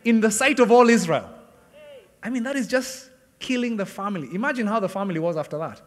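High and animated, this middle-aged pastor talks fast, telling a story from his own life mid-sermon, voicing the characters and laughing frequently. The church sanctuary's long hall reverb carries every word.

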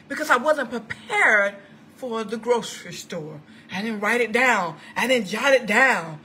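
A woman prophetess preaching an impassioned online sermon into a computer microphone. She is fervent and exclamatory, swinging between shouts and hushed asides. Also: fairly high pitch, expressive, measured pace, breathy edge.

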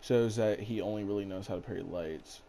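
A man's voice: fairly low pitch, fairly quick, creaky, warm tone, a little hiss or hum. A man hosting casual gameplay chat, rambling in a laid-back way and swearing casually. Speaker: gaming channel host.

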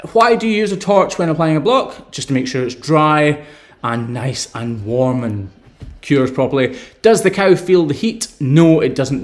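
A Scottish man hosting a live stream, reading out viewer questions and answering them in an upbeat, chatty way. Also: mid-range voice. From Scotland.

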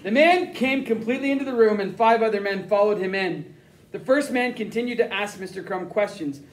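A man reading a first-person novel aloud as an audiobook narrator, with plain, steady storytelling. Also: high voice, brisk, distant mic, rough recording.

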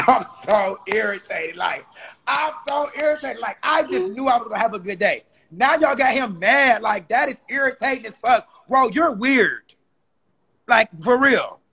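A young man with a very high, bright and husky voice and a creaky edge. He rants in an exasperated, profane comedy style. His pitch swings up and down a lot. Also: lively intonation. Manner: exasperated, profane, rapid ranting. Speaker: comedy creator.

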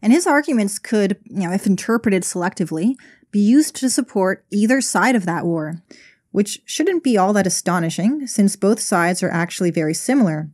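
A woman's voice: mid-range voice, expressive, normal speed, darkish tone. A woman narrating an explanatory video essay, telling a story in a wry, conversational way.

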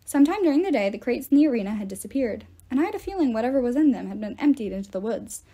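A woman reading a novel aloud in a steady storytelling manner. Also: fairly high pitch, rapid-fire. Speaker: reader.

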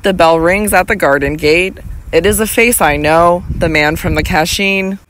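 A man narrating an audiobook in a measured literary reading. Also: high voice, fairly bright tone, slight background noise. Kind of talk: scripted narration.

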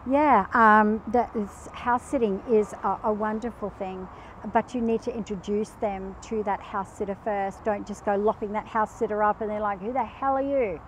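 A woman chatting as a pet behaviour guest, telling animated anecdotes and acting out the quotes in them. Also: mid-range voice, normal speed, a little hiss or hum, low-quality recording. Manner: animated storyteller who acts out quotes. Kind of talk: casual chat with anecdotes.

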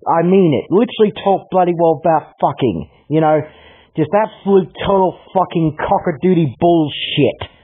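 A man's voice: high-pitched, slightly rough. Angry man on tinny audio. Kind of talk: angry rant addressed to others.

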